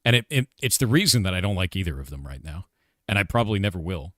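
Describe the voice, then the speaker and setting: Low-voiced man ranting on stream. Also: expressive, quick pace, a bit bright, dry recording, studio quality. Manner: ranting, profane, repeats "like" and "dude". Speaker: game developer and streamer. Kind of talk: casual live-stream chat.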